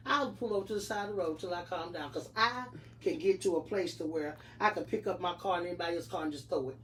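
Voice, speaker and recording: A middle-aged woman in casual chat, giving animated, preachy encouragement and playful self-talk. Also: fairly low pitch, quick pace, hardly any pauses. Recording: distant mic with faint noise.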